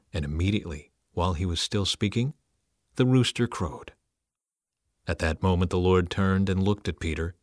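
A man reads scripture aloud with expressive, dramatic phrasing. His pitch rises and falls widely as he narrates. The sound is dry and close, with no room echo. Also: normal speed.

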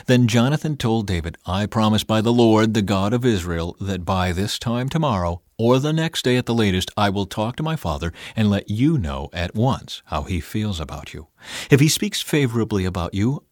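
Guy reading a bible passage, lowish voice, dry close sound, steady and earnest. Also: no room sound. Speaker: scripture reader.

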